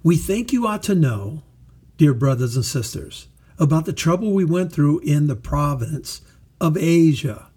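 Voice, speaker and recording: Slow, emphatic high-voiced male preacher. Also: lively intonation, dark tone, slightly rough. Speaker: pastor. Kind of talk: sermon.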